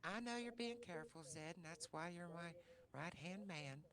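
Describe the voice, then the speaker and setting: A woman's voice: lowish voice, lively intonation, moderate pace, fairly bright tone. A woman role-playing an outlaw gang member, talking in a rambling, hesitant way. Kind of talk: in-character role-play. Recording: very noisy game voice chat.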